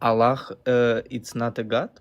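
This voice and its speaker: Halting, slow-speaking male caller. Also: medium pitch, little pitch movement, dull audio. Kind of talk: hesitant call-in debate.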